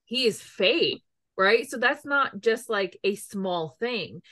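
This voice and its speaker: Woman co-host, excitable fan, rambling gush, bright and forceful tone. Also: medium pitch, slow, no echo, studio quality. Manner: gushing, rambling, lots of 'like'. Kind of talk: casual fan chat.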